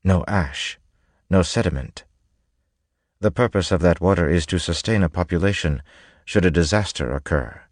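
A man voicing a calm, scholarly man who speaks in a measured, formal way. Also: deep voice, no echo, clean studio sound.

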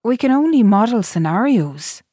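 A woman reading an audiobook, voicing a calm woman who leads a government ministry, speaking in a measured, careful way. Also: a little high, no room sound, clean studio sound, pitched above the performer's own voice. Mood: explaining.

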